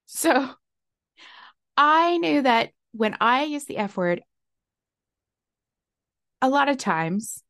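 A woman's voice: high-pitched, sing-song, drawn-out words, long pauses, a bit bright, no echo, studio quality. A young woman hosting a solo podcast, talking candidly and reflectively, often laughing at herself. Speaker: podcast host. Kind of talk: casual solo podcast talk.

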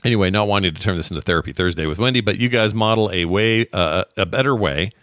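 A man in his fifties, co-hosting a podcast, chatting casually and telling stories with jokes and lively asides. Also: on the low side, fast, dry recording. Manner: jokey, animated storyteller. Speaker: podcast co-host. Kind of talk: casual chat.

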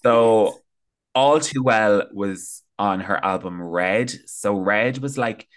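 A man's voice: fairly low pitch, takes it slowly. A man, a podcast guest in casual, enthusiastic chat about pop music. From Ireland. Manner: chatty, enthusiastic, lots of "like" fillers.

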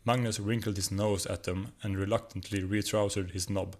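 A man with a Swedish accent narrates a comic short story. His voice is low and his reading is steady and even. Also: normal speed. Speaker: guest reader.

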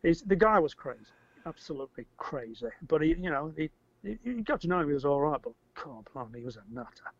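An older man tells a story as an interview guest, rambling, repeating words and getting animated when he acts out shouting. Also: fairly high pitch, quick pace. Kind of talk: casual storytelling. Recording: dry, slightly muffled audio.

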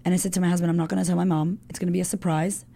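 A young American woman, a guest speaking from her home in Australia, tells a personal story frankly, swearing freely and saying "like" constantly. Her voice sits on the low side, gravelly and dark, with a flat delivery at a racing pace.

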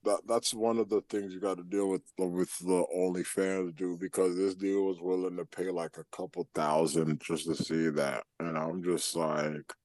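Casting: male podcast co-host, lowish voice, rambling, filler-heavy crude banter, dry close mic. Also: little pitch movement, normal speed, hardly any pauses, a little mellow, no echo. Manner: rambling, lots of "like", laughs while retelling.

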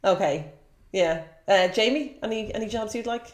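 An Irish woman hosting a casual chat, expressive and asking questions. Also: mid-range voice, moderate pace, echoey room. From Ireland. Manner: expressive, asks questions, laughs easily.

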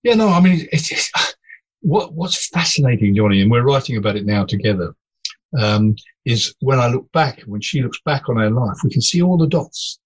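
A man, a podcast guest, telling personal stories in an animated, digressive way. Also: medium pitch, normal speed, slightly rough, lo-fi sound. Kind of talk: storytelling in casual conversation.

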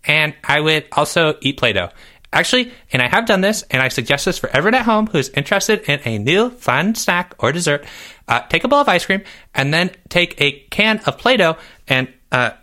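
Give me a performer as a cheerful, clueless boy who rambles with a bright, lively voice. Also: mid-range voice. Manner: rambling, playful, many hesitations. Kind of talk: comedic character Q&A.

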